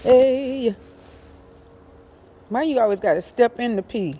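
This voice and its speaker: High-pitched, unhurried woman doing a casual live chat while fussing over her dog on a phone, with a roomy echo. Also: warm tone. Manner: chatty, coos and fusses at her dog. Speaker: vlogger talking to her dog on a livestream. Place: outdoors in a yard. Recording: echoey with long reverb, faint noise.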